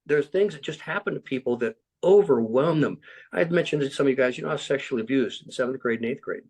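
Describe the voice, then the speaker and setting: A man's voice: medium pitch, fast talker, darkish tone, husky. A middle-aged man candidly sharing life stories in an earnest, frank way, filled with "you know" and acted-out quotes. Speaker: speaker sharing life lessons. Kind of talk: candid personal storytelling.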